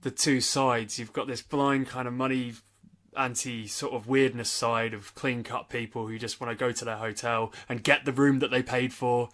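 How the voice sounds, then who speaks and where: A man's voice: mid-range voice, little pitch movement, normal speed, a bit bright. A man co-hosting a film podcast in casual chat, stressing his points by repeating words. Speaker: podcast co-host.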